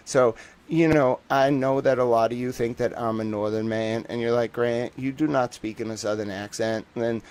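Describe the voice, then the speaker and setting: A man's voice: medium pitch, steady tone, normal speed, a little mellow, clear, resonant tone. A man hosting a casual livestream, rambling and joking and laughing often, from the northern United States. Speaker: livestream host.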